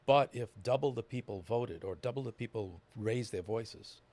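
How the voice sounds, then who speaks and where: A man's voice: mid-range voice, normal speed, darkish tone. A man on a podcast panel in casual political chat, making blunt, short remarks.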